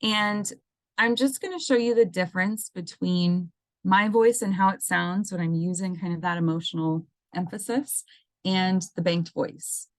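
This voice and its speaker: A woman's voice: fairly low pitch, measured pace, no room sound. A woman presenting an educational webinar, talking casually and explaining things step by step, with frequent ums and restarts, over a computer mic on a video call. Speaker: assistive technology coordinator presenting a seminar.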